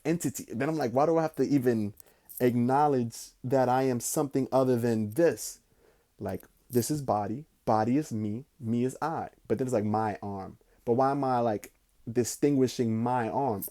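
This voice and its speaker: This young man hosts a podcast and speaks in a mellow, low-key tone, spinning loose, rambling stories laced with slang and profanity. He drawls through slow, musing stretches, then gets hyped in sudden excited bursts.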